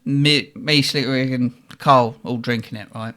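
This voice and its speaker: A man's voice: mid-range voice, steady tone, unhurried, pushed and bright. A young man, a podcast host telling a story in a casual, slangy way and laughing often.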